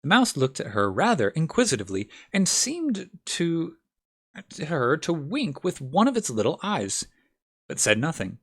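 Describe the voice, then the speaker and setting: Man, audiobook narrator, first-time read, occasional restarts, lively intonation. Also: on the high side, normal speed, husky. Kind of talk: amateur audiobook reading.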